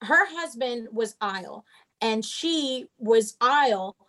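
Young woman, high voice, sassy and profane, casual story chat. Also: lively intonation, slow, pushed and bright. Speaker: storyteller guest.

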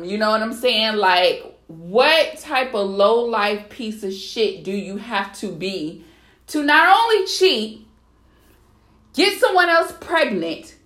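A young adult woman hosting a solo podcast, telling a story in an animated, outraged, profane way. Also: medium pitch, reverberant. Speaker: podcast host.

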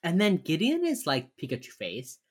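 A young woman with a low voice that swings widely in pitch as she recaps an episode. She chats casually and slips into quick impressions of the characters while she retells scenes. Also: slightly rough. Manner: animated, acts out characters' lines while retelling. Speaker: podcast co-host recapping a TV episode. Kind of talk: casual chat.

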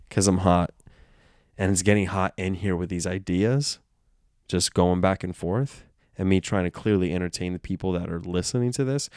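Man, very deep voice, dry close sound, playful rambling solo podcast host. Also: darkish tone, no echo. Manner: playful, meandering stream of consciousness. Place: sitting on his bed at home.

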